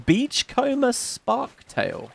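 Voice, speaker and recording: Lively chatty man narrating gameplay. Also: very high-pitched, drawn-out words, gravelly. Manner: chatty, muses aloud, reads on-screen text. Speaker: gaming YouTuber. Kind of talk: casual let's-play commentary. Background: game music.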